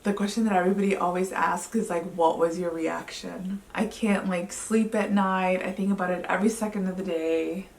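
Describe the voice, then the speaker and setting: A woman in her thirties telling a personal story to camera as a vlogger at home, chatty and excitable, with many filler words. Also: on the low side, moderate pace, vocal fry, hardly any pauses. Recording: roomy sound, mic at a distance.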